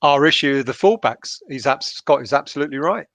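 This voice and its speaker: A man's voice: medium pitch, lively intonation, brisk, a bit bright, no echo. A man co-hosting a casual fan live stream, blunt and often laughing.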